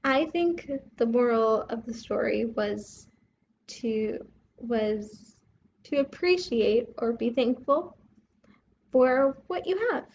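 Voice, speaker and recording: A woman's voice: a little high, lively intonation, a little mellow, muffled recording, a little hiss or hum. A woman hosting a children's bedtime story video, asking young viewers questions and explaining the lesson of a fable. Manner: asks the viewer questions, pauses to let them think.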